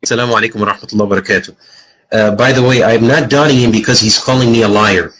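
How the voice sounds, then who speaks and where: A man's voice: fairly low pitch, fairly even intonation, very fast, fairly bright tone, poor audio. A man taunting and lecturing his opponent in an online voice chat debate.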